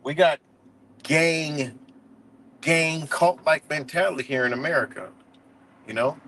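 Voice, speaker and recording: A man's voice: fairly high pitch, measured pace, fairly bright tone, low-quality recording. A man hosting a live stream, ranting heatedly and profanely, with a lot of "you know" between points. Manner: says "you know" often. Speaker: livestream host. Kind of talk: casual live-stream commentary rant.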